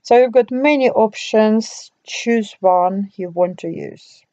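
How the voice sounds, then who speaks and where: A woman narrates a scripted language lesson at a very slow, careful pace, spelling out each example. Her voice is mellow and middle-pitched. The recording sounds dull and lo-fi. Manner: slow, careful, deliberate delivery. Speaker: language teacher.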